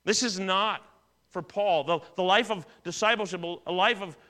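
Man, middle-aged, pastor, sermon, high pitch, conversational, repeats words. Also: normal speed, pushed and bright. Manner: conversational, tells personal stories, restarts and repeats words.

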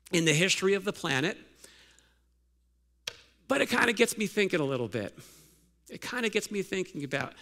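Gravelly high-voiced pastor preaching. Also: male voice, bright, forceful tone. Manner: conversational, asks many questions with fillers and restarts. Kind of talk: sermon.

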